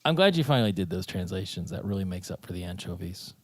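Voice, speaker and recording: A man's voice: sits low, big pitch swings, fast talker, no room sound. A man co-hosting a casual podcast chat, making dry, wry jokes.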